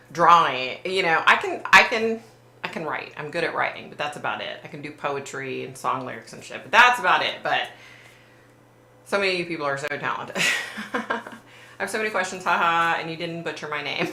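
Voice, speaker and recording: A woman hosts a live stream, chatting casually, reading viewer comments, and swearing bluntly with a giggle. Her voice is deep yet bright with a forceful tone, and the recording has a roomy echo from a warm room under bright lights.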